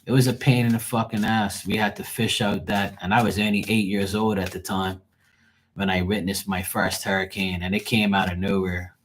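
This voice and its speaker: A young man, telling a casual, profane and animated story on his livestream. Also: deep voice, moderate pace, a little hiss or hum. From Bermuda. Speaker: livestream host.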